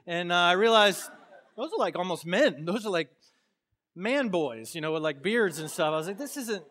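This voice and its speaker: Preaching with fervor, this male Florida pastor alternates hushed, deep phrases with sudden shouts, then shifts into a relaxed personal anecdote full of filler words. He sounds animated and talks slightly fast.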